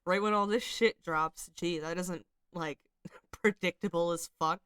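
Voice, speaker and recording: A woman's voice: lowish voice, slow, fairly bright tone, clean tone, no room sound, studio quality. A woman hosting casual commentary, reading out screenshots and reacting, chatty and swearing freely with many fillers. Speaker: commentary channel host.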